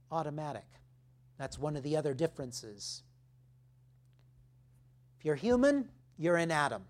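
A man preaching a sermon, emphatic, dropping his voice low for key phrases. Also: darkish tone. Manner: slow, emphatic preaching with dramatic drops in volume.

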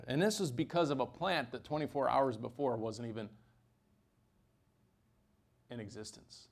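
A man preaching a sermon at a mid-range pitch. He talks in an animated way, with sudden jumps up in pitch and volume. He adds dry asides between points. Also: a little slow, pauses often.

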